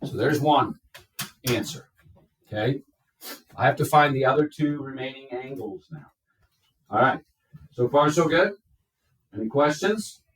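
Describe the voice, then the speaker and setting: A man's voice: medium pitch, animated. A man teaching a math class, explaining step by step and checking in with his students. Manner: slow, step-by-step, checks in with "okay?". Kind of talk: classroom lecture. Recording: echoey classroom from far off.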